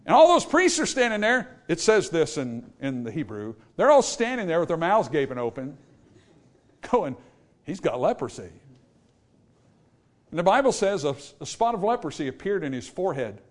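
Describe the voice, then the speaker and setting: A man preaching a sermon, swinging from hushed asides to loud peaks and acting out the people in his story. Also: fairly high pitch, very animated, fairly quick. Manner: acts out quoted people in character voices. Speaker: pastor.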